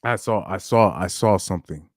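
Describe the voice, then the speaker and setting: A man hosting a podcast, reacting to screenshots in a rambling, animated way, often laughing and jumping up in pitch when amazed. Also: normal speed, dry recording, studio quality. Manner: rambling, with frequent restarts. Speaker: podcast host. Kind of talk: casual commentary reading screenshots.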